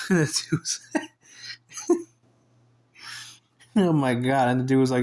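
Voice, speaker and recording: A man casually telling a story, animated and profane, laughing often and acting out both sides of an argument. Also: medium pitch, fairly quick, pauses often.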